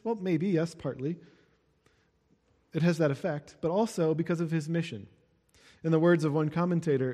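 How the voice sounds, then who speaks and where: Male pastor, fairly high voice, chatty sermon delivery, long hall reverb. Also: dark tone, slightly rough. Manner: explains verses with a casual, conversational aside.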